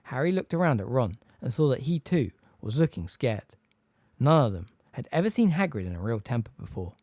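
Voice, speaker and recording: A man narrating an audiobook in an expressive, lively storytelling manner on a close mic. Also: medium pitch, fairly quick, no echo.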